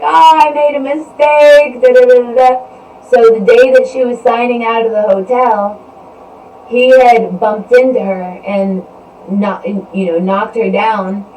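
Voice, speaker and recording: A woman's voice: medium pitch, fairly even intonation, a little slow, mellow. A woman hosting a podcast, telling a story in a loose, rambling way and saying "you know" again and again. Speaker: podcast host. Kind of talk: casual storytelling monologue. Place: indoors, live stream. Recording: roomy echo, distant from mic, faint noise.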